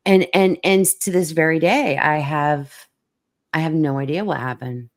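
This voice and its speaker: A middle-aged woman hosting a casual chat, telling a story with many restarts and acting out quotes in a higher voice. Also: steady tone, moderate pace. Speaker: host.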